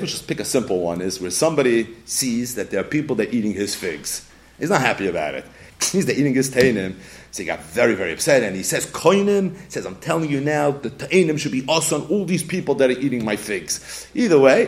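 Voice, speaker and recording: A man with a Yeshiva English accent teaching a Talmud class, animated and acting out little scenes in different voices. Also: medium pitch.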